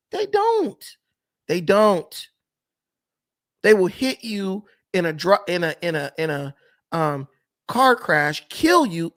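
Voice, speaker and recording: A man's voice: high-pitched, fairly bright tone. A man hosting a casual livestream, arguing points and answering his chat directly. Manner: argumentative, addresses chat directly. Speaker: livestream host.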